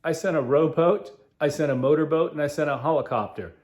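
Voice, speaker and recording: A man's voice: on the high side, a little fast, darkish tone, voice pushed up, close to an everyday voice. A man doing an exasperated God.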